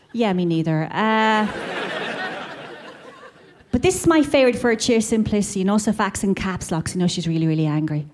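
A woman's voice: medium pitch, sing-song, a little fast. A woman performing a stand-up routine on a comedy club stage, sardonic, with her bits building into mock rants. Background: audience laughter.

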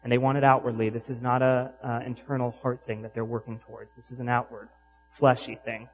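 A man preaching a sermon in an animated, emphatic way, with rhetorical questions to the congregation. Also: mid-range voice, brisk, lo-fi sound, faint music behind. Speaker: pastor.

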